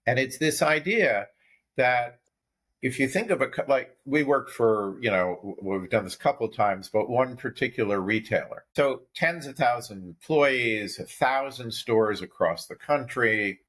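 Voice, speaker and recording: A man co-hosts a business podcast, talking through examples in a halting, restart-heavy way. His voice is slightly husky at an ordinary male pitch. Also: lively intonation, fairly bright tone. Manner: halting, restarts words while explaining. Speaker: podcast co-host.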